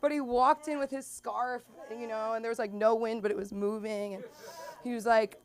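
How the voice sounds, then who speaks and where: On a small comedy club stage, a young stand-up comic works through an open mic set, her fairly high voice moving fairly quickly with no room sound. She rambles through stories packed with "like" and "um," bursting into loud impressions of the people in them.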